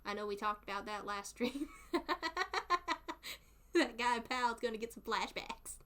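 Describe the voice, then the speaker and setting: A woman's voice: a little high, measured pace, fairly bright tone. A young woman with a Southern US accent, chatting casually with her live stream chat, playful and often laughing.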